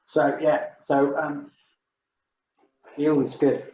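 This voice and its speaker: A man's voice: a little high, monotone, takes it slowly. Older guy leading a workout class, jokey and chatty, counting down reps, echoey room, kinda muffled sound. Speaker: fitness instructor. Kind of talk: leading an exercise class with casual chat.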